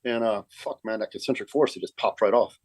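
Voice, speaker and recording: Fast-talking man, profane storyteller. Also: on the low side, dry recording. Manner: profane, keeps saying man. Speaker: guest, pro bodybuilder. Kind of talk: casual storytelling.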